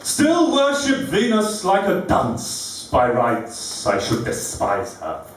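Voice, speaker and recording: A man performing his own rhyming poems at a live event, with a rhythmic, deliberate and witty delivery. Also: sits high, huge pitch swings, distant mic. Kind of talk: rhyming poetry recitation. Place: live venue room. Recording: very echoey room, recorded from afar.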